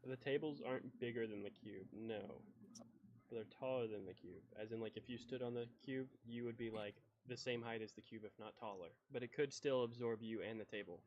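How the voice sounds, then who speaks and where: A man's voice: medium pitch, brisk, lo-fi sound, slight background noise. A man running a tabletop game as game master, casual and explanatory with fillers.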